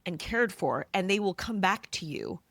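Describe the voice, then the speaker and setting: A woman's voice: mid-range voice, animated, normal speed, gravelly, a bit bright, no echo. A woman hosting an interview, asking questions and reacting attentively with short exclamations.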